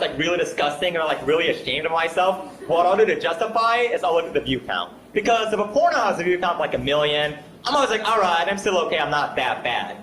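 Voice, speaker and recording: A man's voice: high-pitched, fairly bright tone, a little hiss or hum. A man doing self-deprecating stand-up comedy in a comedy club, bantering with the audience. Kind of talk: stand-up comedy with crowd work. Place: comedy club stage before a live audience. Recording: echoey live club with audience laughter.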